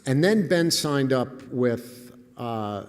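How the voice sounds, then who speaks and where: A man's voice: medium pitch, expressive, takes it slowly. An older man giving a humorous storytelling lecture as guest speaker, wry and self-deprecating, chuckling at his own lines. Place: lecture hall. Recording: echoey lecture hall.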